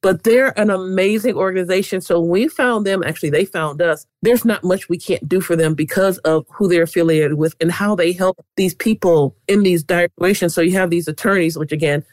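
A middle-aged woman talking as a guest about quilting, animated and keen on saying "literally.". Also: fairly low pitch, fairly quick, hardly any pauses, no echo. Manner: animated, leans on "literally" often. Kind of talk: casual interview chat.

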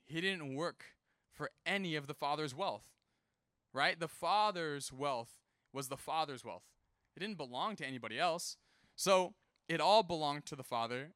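A man's voice: on the high side, no room sound, clean studio sound. A young man preaching a casual sermon, telling a personal story and acting out the people in it. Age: young adult. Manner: animated, casual, acts out quoted voices. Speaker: youth preacher.

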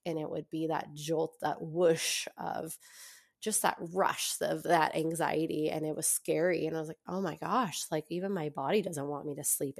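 A young adult woman telling her own story as a podcast guest, chatty, with lots of fillers and quick laughs. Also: low voice. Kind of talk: casual storytelling in an interview.

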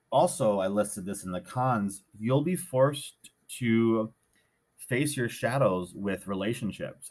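A man hosting a podcast alone, talking in an earnest, rambling way, often correcting himself, with the hiccups. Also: lowish voice. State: has the hiccups. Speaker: podcast host. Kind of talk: casual solo podcast monologue.

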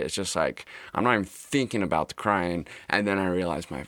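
A man's voice: low-pitched, brisk, few pauses, a bit bright, no echo. A young man in casual conversation, candid and laid-back, swearing freely. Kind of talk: casual chat.

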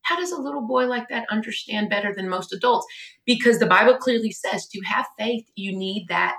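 A woman in her forties telling a painful family story on a podcast, animated and at times tearful. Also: fairly high pitch, fairly quick, creaky. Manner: animated, tearful retelling, quotes others in her own voice. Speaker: podcast guest. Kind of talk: emotional personal storytelling. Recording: echoey room.

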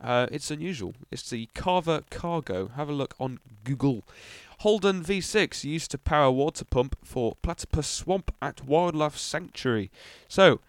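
A man's voice: a little high, animated, moderate pace, few pauses, no room sound. A young man hosting a casual car news podcast, rambling with ums and little asides. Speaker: podcast host.

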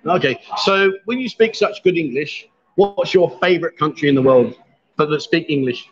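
A man's voice: on the high side, moderate pace, highs cut off. A man hosting a live stream, chatting casually and teasing his guests. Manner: joking, teasing.

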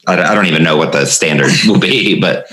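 A man hosting a comedy podcast in casual chat, laughing a lot and speaking in halting phrases. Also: low-pitched, bright, forceful tone, faint music behind, rough recording. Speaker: podcast host.

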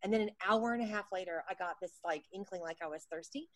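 A middle-aged woman telling stories on a podcast as a guest. She is animated and self-mocking and acts out what people said. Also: on the low side, fast. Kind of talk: casual storytelling chat.

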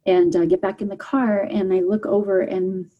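A woman telling her personal story as an interview guest, earnest and halting, with many fillers and restarts. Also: medium pitch, level tone, muffled recording. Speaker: guest, parent.

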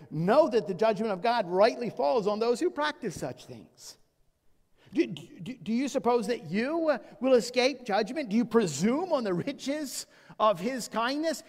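High-voiced preacher, big reverberant hall. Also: male voice. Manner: emphatic preaching with rhetorical questions and anecdotes. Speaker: pastor. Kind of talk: sermon. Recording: long church reverb.

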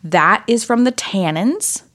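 A woman's voice: medium pitch, slow pace. A young woman co-hosting a podcast, explaining things casually with lots of fillers. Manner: lively, explains with many fillers. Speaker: podcast co-host. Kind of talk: casual chat.

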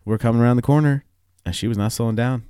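Profane, laughing podcast co-host, dry mic. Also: male voice, mid-range voice, fast, warm tone, clear, resonant tone, dry recording. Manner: profane, storytelling, laughs often. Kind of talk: casual chat.

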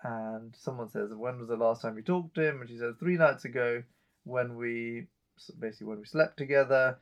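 A man's voice: medium pitch, moderate pace, highs cut off. A man co-hosting a chat show, casually retelling a TV episode scene by scene and reading out the characters' lines. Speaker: podcast co-host recapping an episode.

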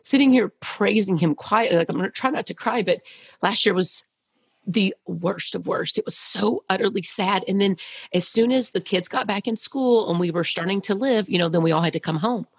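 A woman's voice: mid-range voice, normal speed, breathy edge, no room sound. A woman who leads a women's ministry, a guest sharing a personal testimony in an earnest, heartfelt way with frequent restarts.

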